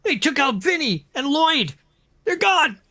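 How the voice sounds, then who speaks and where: Man voicing a panicked henchman, high pitch, bright tone, frantic stammer, tabletop game. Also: big pitch swings, measured pace, full character voice. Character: panicked male henchman under fire.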